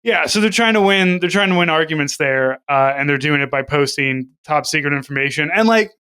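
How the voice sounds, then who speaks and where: A man's voice: a little high, lively intonation, a little fast, pushed and bright, clear, resonant tone, dry recording, clean studio sound. A man co-hosting a casual podcast chat, rambling and jokey with plenty of swearing. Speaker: podcast co-host.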